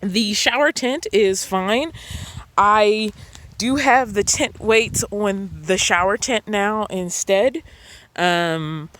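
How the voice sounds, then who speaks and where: A woman's voice: medium pitch, takes it slowly, a bit bright. A woman vlogging from her van campsite in casual, rambling chat with frequent ums. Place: outdoor desert campsite beside a van.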